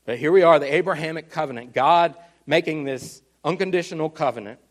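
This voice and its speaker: A man preaching a teaching sermon, explaining earnestly and slowing down to stress key words. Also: a little high. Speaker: pastor.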